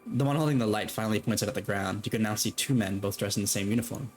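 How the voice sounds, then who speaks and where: A man narrating a tabletop game as game master, casual and quick to laugh. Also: fairly low pitch, faint music behind. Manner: casual, laughing, swears freely.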